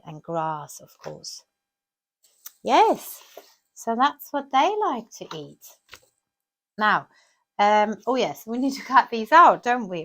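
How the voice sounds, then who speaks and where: Lively woman teaching kids crafts. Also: fairly high pitch. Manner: warm sing-song teacher talk with lots of questions to the kids. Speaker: children's craft presenter. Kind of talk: crafts tutorial for children.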